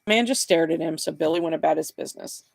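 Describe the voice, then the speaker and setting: Gravelly man reading his novel aloud. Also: on the high side, fast, no echo. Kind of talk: live book reading.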